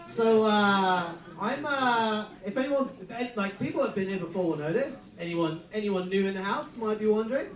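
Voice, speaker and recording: A man's voice: high-pitched, moderate pace, hardly any pauses. English male emcee, thirties, self-mocking banter; distant mic in a reverberant room. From England. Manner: self-mocking storytelling with frequent laughs. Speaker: host. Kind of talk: stand-up comedy hosting. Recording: roomy live venue mic from a distance, crowd noise.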